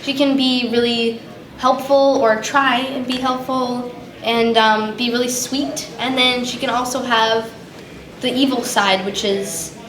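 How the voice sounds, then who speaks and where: A woman's voice: a little high, level tone, measured pace, fairly bright tone. A female voice actress answering at a convention press conference, rambling and hesitant with lots of "like". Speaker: voice actress guest. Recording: echoey room with background noise.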